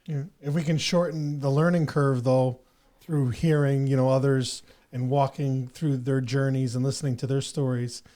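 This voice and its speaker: A man's voice: medium pitch, level tone, moderate pace, mellow. Earnest rambling male podcast host. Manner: earnest and rambling, with many "you know" fillers. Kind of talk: reflective casual conversation.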